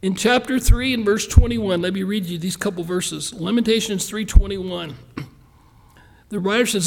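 A pastor preaching a sermon in a folksy, earnest way, slowing down to stress key lines and speeding through quick asides. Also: male voice, high voice, vocal fry.

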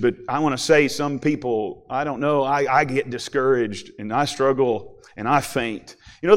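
A man's voice: mid-range voice, a bit bright. Preacher guy cracking folksy jokes in a sermon, then getting earnest.

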